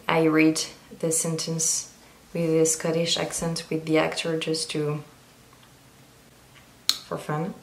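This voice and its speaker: A woman chatting casually through a makeup tutorial, meandering and filling pauses with ums. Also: low-pitched. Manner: chatty, meandering, frequent fillers. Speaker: beauty vlogger. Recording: roomy echo.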